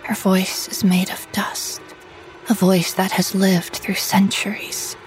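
A woman narrating a first-person horror story in a hushed voice that often drops to a whisper. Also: medium pitch, little pitch movement, takes it slowly, faint music behind, rough recording.

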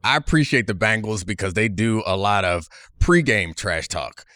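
A man hosting a sports podcast in a relaxed, laid-back way. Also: fairly low pitch, normal speed, no echo, clean studio sound. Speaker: podcast host. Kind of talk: casual podcast chat.

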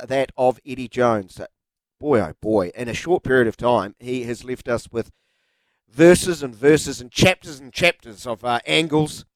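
A man's voice: medium pitch, dry recording. A middle-aged man with a New Zealand accent hosting a sports radio show, arguing his points and reading out listener texts. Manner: animated, argumentative, reads out listener texts. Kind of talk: opinionated sports radio talk.

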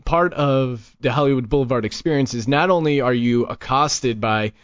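A man hosting a podcast, telling stories in casual chat, animated and often laughing. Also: mid-range voice, moderate pace, no room sound. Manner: animated, laughing, many restarts. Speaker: podcast host. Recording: dull lo-fi podcast audio.

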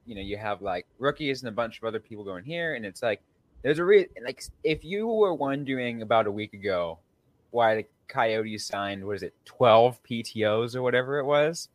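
A man's voice: mid-range voice, animated, moderate pace, no echo. A male podcast host with a mid-range voice who opens the show with an upbeat welcome and then settles into loose, hesitant chat full of fillers. His sound is dry and close to the mic. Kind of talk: casual sports podcast chat.

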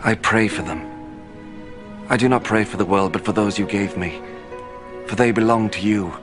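A reverent, English-accented Jesus prays to his Father in a low, unhurried voice, as a man plays him on film. Each line is spoken with solemn calm, and a film score swells beneath him. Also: lightly acted. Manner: slow, solemn, reverent prayer. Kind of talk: film drama. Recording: film clip with music underneath.

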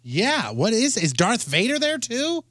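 A man's voice: very high voice, huge pitch swings, a little slow, a bit bright, no echo, studio quality. A man co-hosting a radio show, bantering sardonically and often restarting his sentences. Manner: sardonic, stumbling restarts, grumbling. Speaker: radio co-host.

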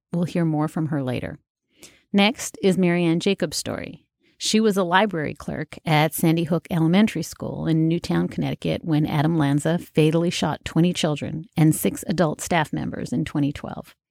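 A woman's voice: deep voice, vocal fry, darkish tone, no room sound, studio quality. Composed woman narrating a documentary. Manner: measured, composed. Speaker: host, legal correspondent. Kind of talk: scripted narration.

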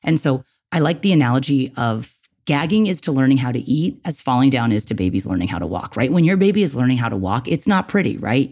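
A husky, slightly mellow male voice at medium pitch belongs to a podcast host running an instructional show. He coaches listeners directly, often checking in with "okay" and "right."

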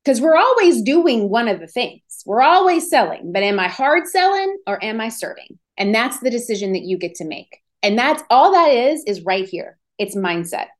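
A woman hosting a podcast, giving an energetic, emphatic motivational talk on business and selling. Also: a little high, normal speed, few pauses. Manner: energetic, emphatic, acts out inner voices. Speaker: podcast host.

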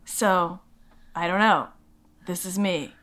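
A middle-aged actress from Massachusetts, chatting as an interview guest, self-deprecating and full of fillers. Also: female voice, lowish voice, slow pace, a bit bright. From Lexington, Massachusetts. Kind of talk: casual interview chat.

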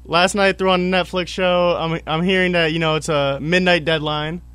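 Producer guy rambling about his rough night, dry studio sound, higher voice. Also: little pitch movement, normal speed, fairly bright tone, no room sound. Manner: rambling, self-mocking storytelling. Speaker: show producer. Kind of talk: casual chat on radio.

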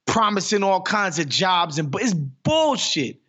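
Animated, profane man ranting on a podcast. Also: high voice, measured pace, slightly rough, highs cut off. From New York. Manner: animated, profane, rants with rising exclamations. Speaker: podcast co-host. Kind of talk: casual podcast chat.

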